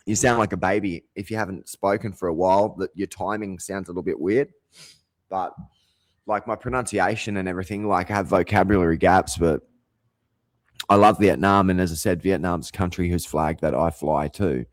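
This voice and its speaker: A man's voice: low voice, moderate pace, long pauses, fairly bright tone, no room sound. A man hosting his own show, talking in a heated, profane, rambling monologue full of restarts and swearing. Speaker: show host.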